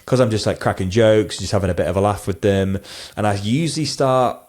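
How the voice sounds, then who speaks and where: Deep-voiced man chatting loosely. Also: a little fast, a little mellow. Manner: chatty, rambling, many fillers and restarts. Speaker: wedding photographer guest. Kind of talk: casual podcast conversation.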